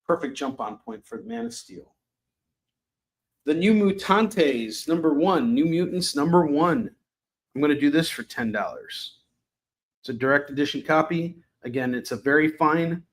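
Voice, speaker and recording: A man with a slightly higher voice runs a live selling stream from home. His pitch is loose and chatty, full of fillers. He slips easily into sarcastic jokes about the items he is selling. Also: lively intonation, moderate pace. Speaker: live shopping show host selling comics. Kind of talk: casual sales pitch.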